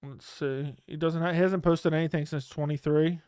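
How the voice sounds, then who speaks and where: A man's voice: fairly high pitch, fairly even intonation, normal speed, warm tone, clean tone, no echo, clean studio sound. A man hosting a live stream, chatting casually and bluntly in loose slang while he reads out viewer comments. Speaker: livestream host. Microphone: studio microphone close up.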